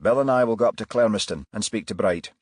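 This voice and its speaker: A man voicing a male detective inspector, brisk and commanding as he hands out tasks. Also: lowish voice, husky, dry recording, clean studio sound.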